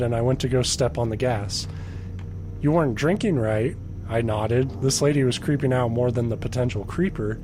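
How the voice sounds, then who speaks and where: A man's voice: mid-range voice, background noise. A man co-hosting a podcast, reading a creepy story aloud and joking about it with a friend, laughing often. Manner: jokey, laughs often, mock voices when quoting. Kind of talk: casual chat and reading aloud.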